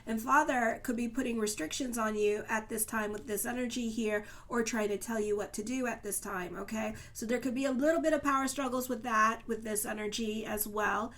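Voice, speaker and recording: A woman with a slightly high voice reads tarot cards for her viewers in a relaxed, conversational way. She keeps her talk loose and colloquial, with plenty of "okay" and "you know". Her tone stays earnest and reassuring as she speaks directly to her audience. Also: a little fast, few pauses. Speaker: astrologer and tarot reader. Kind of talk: casual tarot reading to camera.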